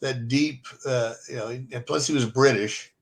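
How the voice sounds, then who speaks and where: A man's voice: mid-range voice, steady tone, measured pace. An older man co-hosting a casual chat, telling stories with many fillers and restarts. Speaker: podcast co-host.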